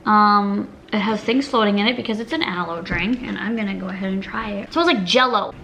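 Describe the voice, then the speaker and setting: A woman's voice: mid-range voice, a little fast, a bit bright, a little hiss or hum. A woman food vlogger chatting casually in a home kitchen, bubbly and giggly as she cooks and tastes.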